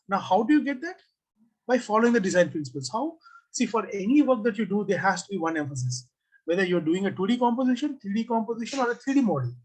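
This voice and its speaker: A design teacher runs an online class review over a computer mic on a video call. The voice is a little husky and sits at a middle pitch. The teacher keeps asking the class questions and reads out what students type in. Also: a little mellow, poor audio.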